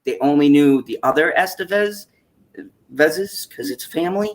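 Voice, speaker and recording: A man hosting a casual live-stream chat, talking in an animated, profane way and laughing often. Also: on the high side, normal speed. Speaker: stream host.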